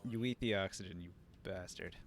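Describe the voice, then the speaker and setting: Low-voiced male streamer with a Pacific Northwest accent and a fry-heavy rasp, dry and profane while narrating his play. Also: fairly quick, slight background noise. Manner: dry, sardonic, swears often. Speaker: game streamer. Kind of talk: live gameplay commentary.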